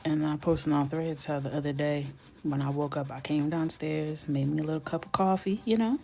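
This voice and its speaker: A woman in her thirties, chatting casually on a coloring live stream and telling playful, animated stories that sometimes drop to a whisper. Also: sits low, creaky.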